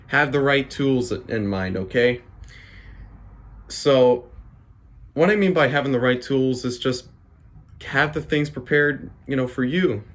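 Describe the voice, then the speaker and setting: A man casually giving advice to fellow drummers, stammering and restarting often and checking in with "okay?". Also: mid-range voice. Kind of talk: casual spoken tips to camera.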